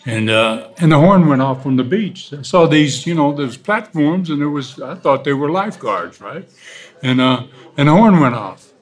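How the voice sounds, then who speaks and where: An older man whose voice sits high for a man, spinning anecdotes with a lot of energy and frequent laughter. His delivery is loose and conversational, the kind you hear from a seasoned storyteller. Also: normal speed. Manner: animated storyteller, laughing often. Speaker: guest, former wrestler. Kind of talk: casual storytelling interview.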